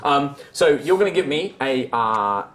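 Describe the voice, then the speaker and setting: Lively man running a game. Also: medium pitch, unhurried. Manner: lively, rambling, chatty. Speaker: dungeon master. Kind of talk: narrating a tabletop game.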